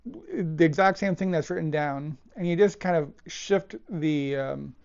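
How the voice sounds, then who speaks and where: A man teaching a piece of music, talking it through thoughtfully with pauses and restarts as he demonstrates it. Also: fairly high pitch, lively intonation, creaky, a little mellow. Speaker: cellist teacher. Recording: dull lo-fi with cello playing. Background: cello phrases between remarks.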